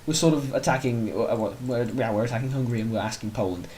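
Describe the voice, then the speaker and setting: A man's voice: medium pitch, fast, few pauses, darkish tone, a little hiss or hum. A man hosting a let's play, giving casual, rambling commentary on his strategy game and often correcting himself mid-sentence. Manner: rambling, chatty, self-correcting.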